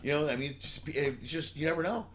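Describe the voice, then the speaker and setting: A man hosting a casual podcast chat, quick to joke, swearing freely while he tells stories. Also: fairly high pitch, background noise. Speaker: podcast host.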